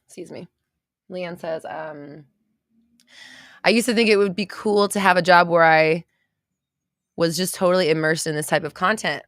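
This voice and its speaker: Chatty valley-girl woman podcast host, slightly low voice, dry close recording. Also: a little slow, pauses often, a bit bright, dry recording. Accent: American valley girl. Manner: bubbly, chatty, lots of fillers and laughs. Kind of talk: casual livestream chat reading viewer comments. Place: home studio.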